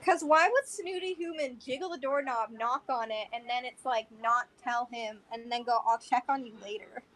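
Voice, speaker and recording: A player who keeps asking questions and swears casually. Her voice is a little high for a woman. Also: normal speed, fairly bright tone, rough recording.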